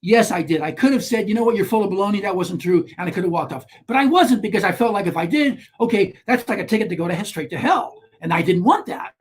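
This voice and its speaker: A man, a guest on a talk show, telling a personal story in an animated way, with frequent restarts and rising emphasis. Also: sits high, fast, few pauses, slightly rough. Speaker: guest, author on shame.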